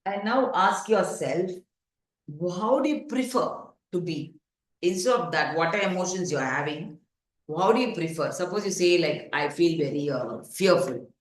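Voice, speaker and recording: A parenting coach with a fairly low female voice leads a workshop at normal speed and with lively intonation, sounding earnest and instructive. She uses frequent fillers, restarts and corrects her sentences, and keeps asking rhetorical check-ins of her audience, her voice echoing around a reverberant room.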